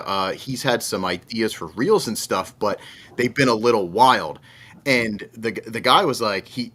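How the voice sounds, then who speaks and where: Lively swearing podcast guy. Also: on the low side. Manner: animated storytelling, lots of swearing and laughing. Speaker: podcast co-host. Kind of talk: casual podcast chat.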